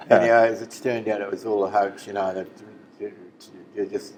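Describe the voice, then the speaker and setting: A man's voice: on the low side, level tone, unhurried, a little mellow, a little hiss or hum, rough recording. A man in his seventies with an Australian accent, a former footballer telling rambling stories in a casual interview and acting out the voices he quotes. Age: 70s. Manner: rambling yarn-teller who acts out quoted voices.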